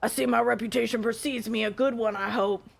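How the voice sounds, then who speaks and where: An actor voicing a friendly, joke-cracking male pub keeper in a game, with a gravelly voice. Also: mid-range voice, steady tone, brisk. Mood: jovial. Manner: jovial, cracking jokes. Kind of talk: game voice acting.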